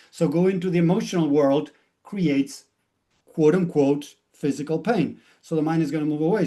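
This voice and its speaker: A man with a somewhat high-pitched voice gives a motivational talk as a mindset coach. He explains things patiently and step by step. He keeps slipping into quoted back-and-forth from his client sessions. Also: a little mellow.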